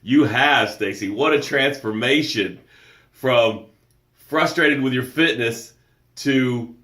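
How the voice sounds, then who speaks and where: A man's voice: medium pitch, takes it slowly, sharp tone, reverberant. A man hosting a live motivational show, speaking with emphatic, preacher-like energy and greeting viewers by name as he reads their comments. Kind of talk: live-streamed motivational talk.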